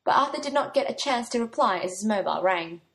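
A woman's voice: mid-range voice, animated, fast, fairly bright tone. A woman reading a story aloud, giving her own light touch to the young men's lines. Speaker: narrator.

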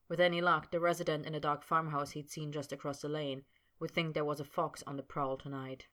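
A woman narrating fan fiction aloud in a measured, steady storytelling manner. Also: low-pitched.

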